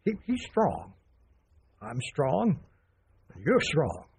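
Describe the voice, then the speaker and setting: Actor playing a raspy, stern old grandfather, audio drama; lively, lecturing delivery. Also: on the high side, heavily acted. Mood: gentle. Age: older. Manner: halting, then firm and lecturing.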